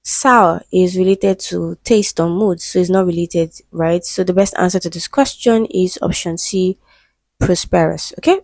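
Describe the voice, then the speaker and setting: Woman, English tutor, methodical, low voice, dry recording. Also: darkish tone, no echo. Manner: methodical, checks in with "right?" and "okay". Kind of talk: explaining exam answers.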